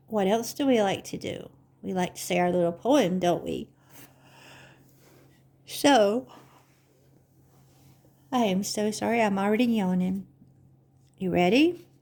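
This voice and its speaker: A woman hosting a children's story time, speaking gently and encouragingly to young listeners like a teacher. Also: medium pitch, slow pace, long pauses.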